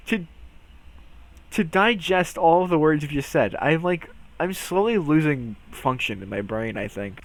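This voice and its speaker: A young man talks in a goofy, self-mocking ramble, tripping over words and laughing at himself. His voice sits a little high and swings widely in pitch. The sound is close and dry, with no room around it. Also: very animated, moderate pace, no echo. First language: English. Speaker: video host. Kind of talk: casual rambling commentary.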